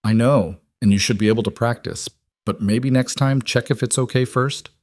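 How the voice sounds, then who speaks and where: A man voicing a single father in a spoken story, gentle, patient and steady but firm. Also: mid-range voice, normal speed, no echo, close to an everyday voice.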